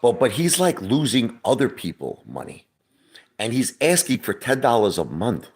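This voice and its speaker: A middle-aged New man with a very deep voice talks off the cuff on a livestream. His pitch leaps around as he rambles, curses freely and circles back over his own words. He comes across as loose and chatty. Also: very animated, normal speed. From Brooklyn, New York. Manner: rambling, profane, repeats himself. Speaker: livestream host. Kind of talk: casual livestream chat.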